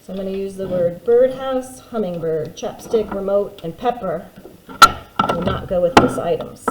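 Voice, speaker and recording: A woman teacher giving a recorded phonics lesson to young children, sounding out words slowly syllable by syllable. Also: mid-range voice. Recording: echoey room with faint background hiss.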